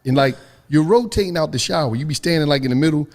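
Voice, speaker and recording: A young man telling a comedic story in casual chat, animated and acting out his own past voice. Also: fairly high pitch, fast talker. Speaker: storyteller on a podcast panel.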